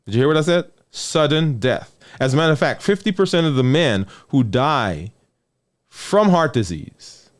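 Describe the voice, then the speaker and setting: A man, a physician giving a conversational health talk, who keeps asking "right?", repeats phrases for emphasis and drops low and soft on key words. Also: animated, moderate pace.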